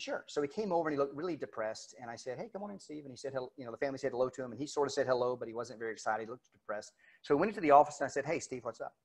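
Man preaching a conversational sermon. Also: mid-range voice. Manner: conversational, retells dialogue with quotes. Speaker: pastor. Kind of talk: sermon storytelling. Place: church sanctuary, recorded for online service.

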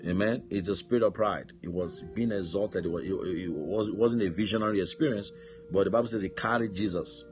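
A male pastor delivers a fervent sermon in a low voice, dropping amen and hallelujah between points. Faint music plays beneath him. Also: fairly quick, a little mellow.

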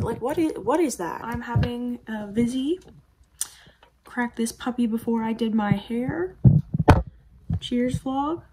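Woman vlogger, chatty and self-mocking, slightly high voice, music behind. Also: background noise. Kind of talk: casual vlog chat to camera.

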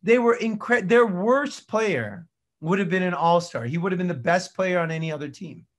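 A middle-aged male dentist giving a casual, animated lecture, swinging between loud bursts and quiet asides. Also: sits high, moderate pace. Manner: casual slang and mild swearing. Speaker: dentist teaching a practice management course. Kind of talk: recorded continuing-education lecture.

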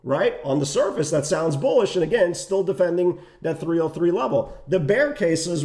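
A man giving casual, animated market commentary as a trading educator, full of asides and quick questions to the listener. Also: high voice. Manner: animated, conversational, many asides and "right?". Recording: echoey room.

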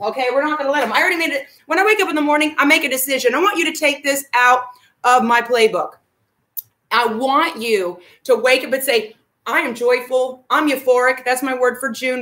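A woman's voice: sits high, fairly bright tone. A woman fitness coach giving an upbeat, emphatic motivational talk, greeting viewers by name as she goes.

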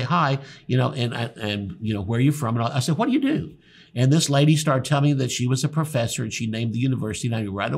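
A pastor preaching a sermon, telling stories and acting out the people in them. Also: male voice, mid-range voice, breathy edge. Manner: storytelling preacher, acts out quoted people. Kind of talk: sermon teaching.

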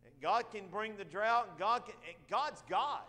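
A pastor with a Southern US accent delivers a sermon in a high-pitched man's voice. He rises to shouted emphasis and drops to quiet asides. The sound carries a long reverb from the church sanctuary. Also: animated, normal speed.

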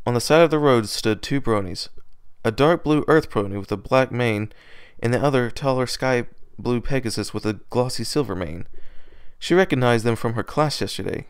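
A man reading a fan-written story aloud at home, steady with small slips and restarts, close to his microphone. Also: medium pitch, normal speed, clean tone, no room sound. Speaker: fan fiction reader. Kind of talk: amateur read-aloud narration.

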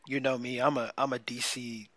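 A man co-hosting a podcast in casual chat, easygoing and agreeable, quick to praise the others. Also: mid-range voice, little pitch movement, a bit bright, no room sound. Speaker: podcast co-host.

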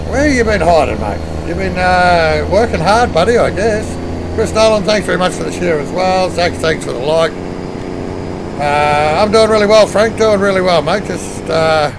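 Australian streamer, man, raised gravelly voice, chatty and cussing, background noise. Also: sits high, lively intonation, normal speed. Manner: chatty, easily flustered, swears freely. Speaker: truck sim live streamer. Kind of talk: casual live-stream chat greeting viewers.

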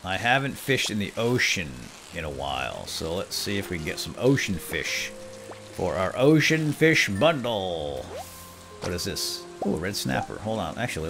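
Man, gameplay commentary, animated, lively pitch, faint music behind. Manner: animated, excitable, talks to game characters. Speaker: let's play gamer.

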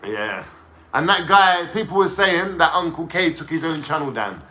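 A man's voice: on the high side, lively intonation, moderate pace, pushed and bright. A young man with a London accent, ranting casually to camera in a slangy, mocking, swearing way. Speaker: vlogger.

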